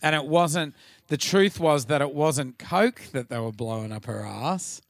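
A man's voice: fairly high pitch, a little slow, no room sound, clean studio sound. An Australian man co-hosting a podcast in casual chat, with crude, swearing, joking banter. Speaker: podcast co-host.

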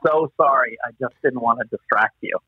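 A man being interviewed as an actor, telling lively anecdotes and acting out the people he quotes. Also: mid-range voice, a little fast, husky, no room sound. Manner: animated storyteller acting out quotes. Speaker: actor guest. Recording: muffled phone-line sound.

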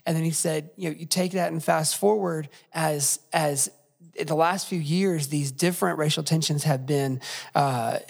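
A man's voice: fairly high pitch, fairly even intonation, moderate pace, vocal fry, in a large hall. A man hosting a podcast who talks reflectively, telling a story with many fillers. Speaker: podcast host. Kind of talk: conversational podcast interview.

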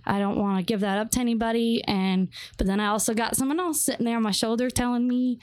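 A woman's voice: fairly high pitch, steady tone, fast, a little mellow, no room sound. A young adult woman telling her life story as a guest, rambling with many fillers and restarts. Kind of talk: personal testimony interview.

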